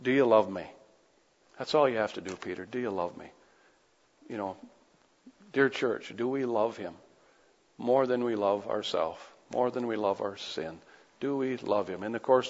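Impassioned male preacher in an echoey hall. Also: lowish voice. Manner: impassioned, with rhetorical questions. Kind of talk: sermon. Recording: echoey hall, dull lo-fi sound.

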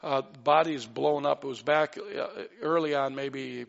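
A man's voice: mid-range voice, fairly even intonation, unhurried, gravelly, muffled recording. A man preaching a sermon in an earnest way, with light asides and acted-out quotes. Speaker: pastor.

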